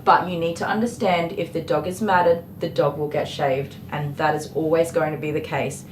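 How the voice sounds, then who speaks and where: A dog groomer hosting a casual livestream, a woman telling stories about a customer in a chatty, exasperated way. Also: fairly low pitch. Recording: echoey room with faint clipper noise.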